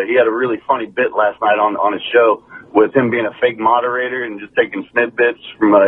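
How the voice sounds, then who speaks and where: A man calling in to a radio show, friendly and laid-back, a bit hesitant. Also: mid-range voice. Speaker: caller. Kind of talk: call-in chat. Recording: tinny phone line.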